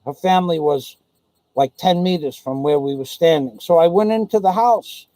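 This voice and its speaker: A man's voice: on the high side, normal speed, mellow, no echo, low-quality recording. A man vlogging in an indignant, profane storytelling rant. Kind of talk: ranting monologue.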